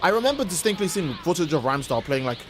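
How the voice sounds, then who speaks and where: Rambly streamer guy, kinda high voice, joking around with chat, lots of background hiss. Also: very animated, rapid-fire. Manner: rambling, playful, reads out viewer messages. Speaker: livestreamer. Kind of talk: casual livestream chat while gaming.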